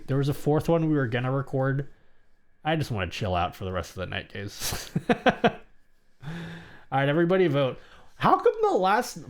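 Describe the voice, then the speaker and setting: A young man chatting casually on a home live stream, his voice sitting a little high and swinging widely up and down. He reads viewers' messages aloud and answers them in a rambling way, often restarting his sentences. The sound is close and clean, from a desk microphone. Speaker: livestreamer.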